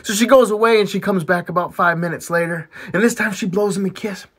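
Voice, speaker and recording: A man's voice: high-pitched, steady tone, quick pace, fairly bright tone. A man telling dirty jokes, acting out the voices as a playful storyteller. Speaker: joke teller.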